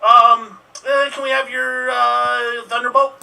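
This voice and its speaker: A man playing a useless, deflated male king of the gods in a flat, self-deprecating improv bit. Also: very high-pitched, slow, creaky, recorded from a distance, full character voice, poor audio. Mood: glum.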